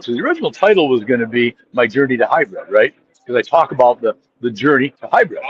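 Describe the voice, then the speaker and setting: A man's voice: mid-range voice, fast talker, dull audio. A man, a podcast guest, telling stories in a casual chat, acting out quotes and restarting sentences often. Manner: animated storyteller acting out quotes, frequent restarts.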